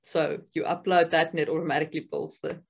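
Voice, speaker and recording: A woman co-hosting a podcast, chatting casually and briskly, often chiming in with agreement. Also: deep voice, steady tone, husky. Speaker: podcast co-host. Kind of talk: casual chat.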